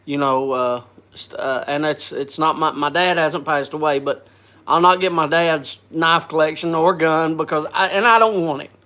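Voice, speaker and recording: His voice sits on the high side, steady and sharp in tone. The man is hosting a casual live chat while congested from a cold, coughing and stumbling through halting sentences that he restarts with repeated words.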